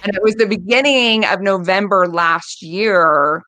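A woman's voice: medium pitch, measured pace, pushed and bright, no echo. A woman in her thirties, a coach, telling a heartfelt personal story in a casual interview, often quoting herself. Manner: earnest, emotional, quotes herself often.

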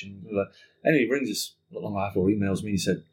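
Husky man telling an animated story. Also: lowish voice, rapid-fire. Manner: animated, swears freely, acts out quotes. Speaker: podcast guest. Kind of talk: casual storytelling conversation.

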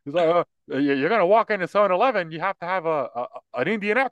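A man co-hosting a podcast, chatting casually about politics in an animated, mocking, joking way. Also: high-pitched, fast, clear, resonant tone, no echo, muffled recording. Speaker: podcast co-host.

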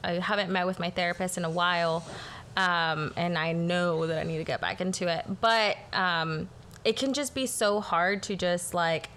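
A woman hosting a casual conversational podcast speaks in a reflective way, with frequent filler words as she gathers her thoughts. Her voice sits a little low for a woman. A faint hiss of noise runs underneath. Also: a bit bright. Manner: reflective, pauses often with "um" and "like". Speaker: podcast host.

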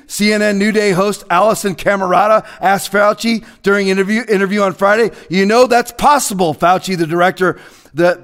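A man preaching as a pastor in a fiery, confrontational rant, swinging between shouting and hushed asides. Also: high-pitched.

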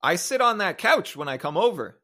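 A young man trades wry, teasing quips in a casual podcast chat. His voice is bright and fairly high, with lively swings in pitch and a gravelly fry at the ends of his phrases. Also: normal speed. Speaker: podcast co-host.

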